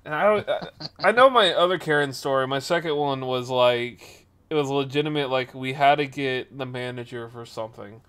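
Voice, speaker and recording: A man in his twenties hosting a podcast and livestream, telling stories in casual chat, full of fillers and sudden jumps in loudness. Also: medium pitch, smooth. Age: 20s. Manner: animated, filler-heavy, quick shifts in loudness. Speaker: podcast host and streamer.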